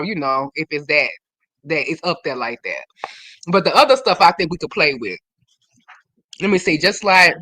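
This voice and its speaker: A woman hosting a livestream in casual chat, animated and swearing freely as she talks to her regulars. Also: low-pitched, no room sound. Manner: animated, swears freely, slips into quoted dialogue. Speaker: livestream host.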